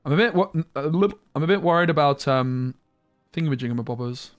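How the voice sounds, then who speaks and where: A man's voice: a little high, lively intonation, fast talker, dry recording, soft background music. Chatty man muttering game commentary. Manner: chatty, muttering asides, mild slang. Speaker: streamer. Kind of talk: casual gameplay commentary.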